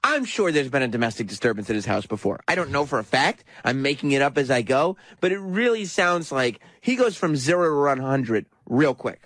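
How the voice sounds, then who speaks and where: A man hosting a talk radio show, recapping a clip in a mocking, animated way with frequent laughs. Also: mid-range voice, fairly quick, hardly any pauses, no room sound. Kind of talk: casual talk radio commentary.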